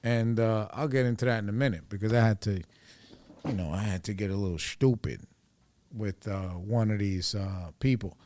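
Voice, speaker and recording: A man's voice: on the low side, moderate pace, darkish tone, slight background noise. A man in his forties hosting a podcast, telling a personal story in a rambling, candid, profane way. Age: 40s. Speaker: podcast host.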